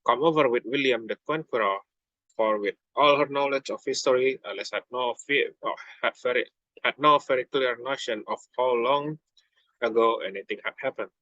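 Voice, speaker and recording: Bright-voiced young man reading aloud. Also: medium pitch, dry recording, muffled recording. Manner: halting, frequent slips and self-corrections. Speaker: student reader. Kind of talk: reading a children's book aloud.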